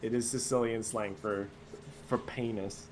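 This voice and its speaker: A man chatting casually as a guest on a talk stream, laughing often and halting with fillers. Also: medium pitch, fairly even intonation, slight background noise. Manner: giggly, laughs between phrases, halting with fillers. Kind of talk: casual chat.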